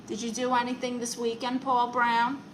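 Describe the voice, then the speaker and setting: A woman's voice: fairly high pitch, monotone, normal speed, background noise. A woman hosting a comedic live stream, chatting with viewers and reading their comments aloud in a playful, mock-serious way. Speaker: comedic livestream host.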